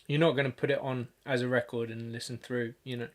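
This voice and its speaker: A man producing music on a livestream, talking casually and haltingly, thinking aloud with lots of fillers and restarts. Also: medium pitch, level tone. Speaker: music producer streaming a session.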